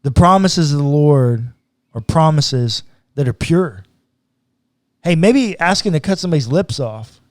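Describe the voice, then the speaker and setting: A pastor talks through a psalm in a relaxed podcast chat, his voice sitting a little high for a man. He is earnest but casual and slips into everyday speech. The sound is close and dry, with no room around it. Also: a little slow, dry recording. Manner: casual and earnest, slips into acted quotes of God. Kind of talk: podcast conversation, teaching on scripture.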